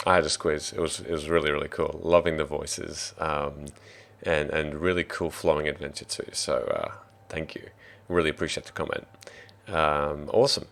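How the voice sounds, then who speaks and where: A man's voice: a bass voice, flat delivery, normal speed, gravelly, fairly bright tone. An Australian man who hosts a tabletop game stream as dungeon master, chatting in an upbeat, rambling way. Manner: upbeat, rambling, restarts often. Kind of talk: casual stream chat.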